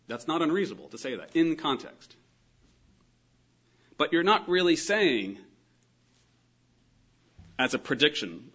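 A man's voice: medium pitch, expressive, normal speed, pauses often, fairly bright tone, breathy edge, highs cut off. A man giving a thoughtful, explanatory Bible lesson, stressing key points with emphasis. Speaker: Bible teacher. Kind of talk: lecture on scripture.

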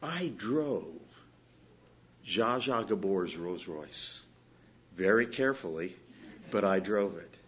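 A man preaching a sermon as a pastor, pleading with his listeners and swinging between loud exhortation and quiet storytelling. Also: low voice, lively intonation, takes it slowly, long pauses, dull audio, slight background noise.

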